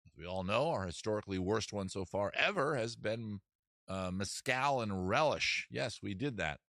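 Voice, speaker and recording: Lively rambling comedy show host. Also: male voice, fairly low pitch, moderate pace, no echo, studio quality. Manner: animated, rambling, self-mocking. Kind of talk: comedy livestream chat.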